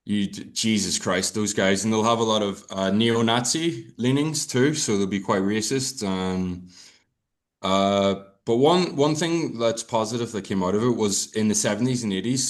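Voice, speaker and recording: Irish man, lowish voice, casual podcast chat, rambling, swears a lot. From Ireland. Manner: rambling, swears freely, many restarts. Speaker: podcast guest.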